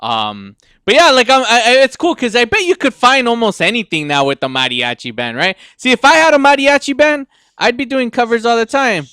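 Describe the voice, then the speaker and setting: A man's voice: extremely high pitch, big pitch swings, brisk, sharp tone, clean tone, no room sound, studio quality. A man hosting a live podcast in casual chat, joking and rambling, from Southern California. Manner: joking, rambling, laughs often. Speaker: podcast host.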